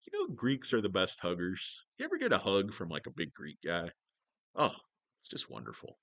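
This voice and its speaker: Lively, profane man rambling on a livestream. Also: low voice, moderate pace, no room sound. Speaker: stock livestream host.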